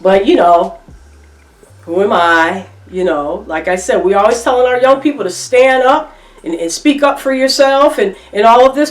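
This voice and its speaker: A woman's voice: on the high side, moderate pace, far from the mic. A middle-aged woman giving emphatic, repetitive opinion commentary in a reaction vlog, with features. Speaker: reaction vlogger. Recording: echoey room, voice off-mic.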